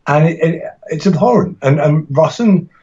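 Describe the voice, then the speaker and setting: A man's voice: a little high, expressive, moderate pace, dark tone, dull audio. A man talking casually as a podcast guest about teaching martial arts, rambling and enthusiastic, with frequent restarts and laughs.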